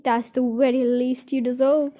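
A woman reading aloud and voicing an excitable, affectionate woman who gushes with delight. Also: sits high, normal speed, lo-fi sound, natural voice. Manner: gushing, exclamatory.

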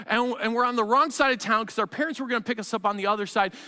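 A man preaching a sermon, telling a story from his school days in an animated way and acting out the voices in it. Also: very high voice, quick pace. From Wheaton, Illinois. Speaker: pastor. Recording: long hall reverb.

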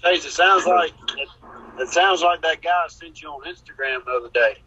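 A man's voice: a little high, a little fast, bright, forceful tone, muffled recording, slight background noise. A man on a podcast call, casually telling rambling anecdotes and acting out the people he quotes. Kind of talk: casual chat, storytelling.

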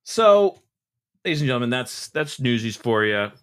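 A man co-hosting a podcast in casual chat, dropping wry, quick quips. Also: medium pitch, a bit bright, smooth. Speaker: podcast co-host.

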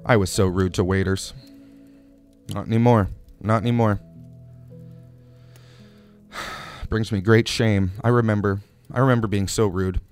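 Male comedy host, lowish voice, deadpan absurd monologue, faint music underneath. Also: moderate pace, smooth. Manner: absurd, drawling, playful asides.

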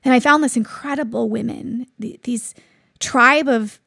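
Woman in her 30s, podcast host, earnest and reflective, a bit high, some vocal fry. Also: unhurried, fairly bright tone, dry recording, clean studio sound. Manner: earnest, reflective storytelling with frequent restarts. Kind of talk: personal devotional podcast talk.

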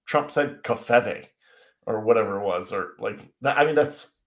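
A man's voice: fairly low pitch, normal speed. A man co-hosting a talk show, ranting about politics with heated swearing and frequent restarts. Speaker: podcast co-host. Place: indoors, seated at a desk. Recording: roomy echoey sound.

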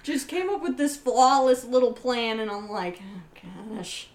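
A woman's voice: high-pitched, expressive, normal speed, darkish tone. A woman game master and podcast co-host, retelling a game story in casual chat, telling it with lots of quoted asides. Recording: echoey room.

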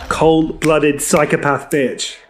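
A man chatting casually while watching a film, skeptical and quick to argue, with a dry manner. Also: fairly high pitch, steady tone. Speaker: film watch-along co-host. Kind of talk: casual reaction chat over a film. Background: faint film soundtrack music.

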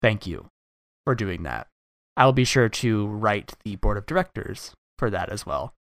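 A man's voice: on the low side, very animated, a little slow, a bit bright, no echo, studio quality, full character voice. A man voicing a defiant teenage schoolgirl talking back sassily. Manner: defiant, sassy.

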